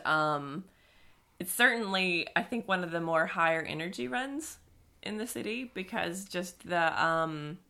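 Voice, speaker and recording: Low-voiced, bright woman podcast co-host. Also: clear, resonant tone. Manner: chatty, fluent storytelling. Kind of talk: casual podcast chat.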